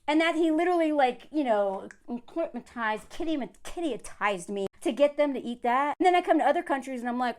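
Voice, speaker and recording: A woman giving reaction commentary on social media posts, in an animated, exasperated rant full of asides. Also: fairly high pitch, a little fast.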